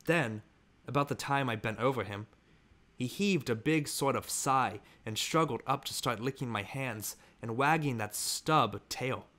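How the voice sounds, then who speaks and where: A man narrating a novel at a steady, measured pace. His voice sits in a middle pitch range, earnest and even. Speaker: audiobook reader.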